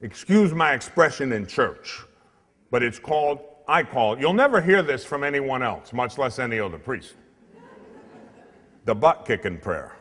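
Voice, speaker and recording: A man's voice: mid-range voice, measured pace. A priest giving a comic, storytelling sermon in church, acting out the people in his tale. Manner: animated, comic storyteller who acts out the other people in the tale. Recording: long hall reverb.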